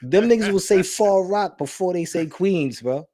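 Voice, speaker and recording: A man's voice: sits high, moderate pace. A man with a New York accent, a podcast co-host chatting casually and acting out little exchanges as he tells stories. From Brooklyn, New York. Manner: animated storyteller, acts out quoted voices. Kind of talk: casual chat.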